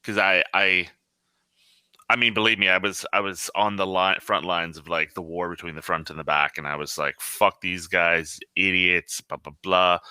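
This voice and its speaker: Deep, bright-toned man talking kitchens. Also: no room sound. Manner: profane, blunt, rambling. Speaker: line cook. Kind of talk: casual podcast chat.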